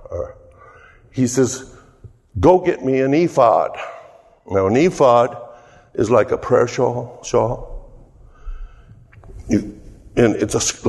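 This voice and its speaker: A man's voice: medium pitch, darkish tone. A man preaching a sermon, telling a story earnestly and asking the listeners rhetorical questions. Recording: echoey hall.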